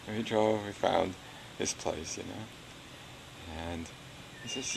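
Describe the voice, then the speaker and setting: A man's voice: low-pitched, slow pace, creaky, long pauses, a little hiss or hum, poor audio. An older man recounting his past in an oral history interview, rambling and chuckling, with many "you know"s.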